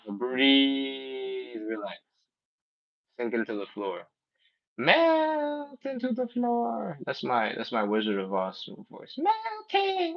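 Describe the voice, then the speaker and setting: Guy coaching a stretch class live, counting reps, kinda dull lo-fi audio. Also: medium pitch. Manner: upbeat, counts reps aloud, playful coaching. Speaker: fitness instructor.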